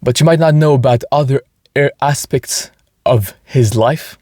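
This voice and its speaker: A man's voice: medium pitch, measured pace, warm tone, dry recording, studio quality. Earnest man hosting a motivational podcast. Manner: earnest and enthusiastic, with frequent restarts. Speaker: podcast host.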